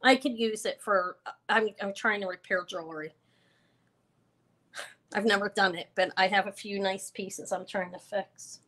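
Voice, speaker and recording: A woman's voice: mid-range voice, steady tone, measured pace, fairly bright tone. A woman hosting a live online jewelry auction, chatting casually and rambling with fillers and self-corrections. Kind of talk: casual live-stream selling chat.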